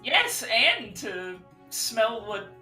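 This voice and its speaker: Bright, slow-talking woman player in a roomy space. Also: a little high, very animated, far from the mic, faint music behind. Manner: joking, blunt, laughs while talking. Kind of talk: casual tabletop role-play.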